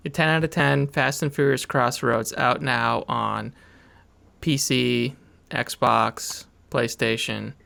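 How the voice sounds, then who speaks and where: A man's voice: mid-range voice, fairly even intonation, takes it slowly, gravelly, pushed and bright. A man co-hosting a casual video game podcast, talking in a laid-back, wry way with hesitant fillers. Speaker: co-host.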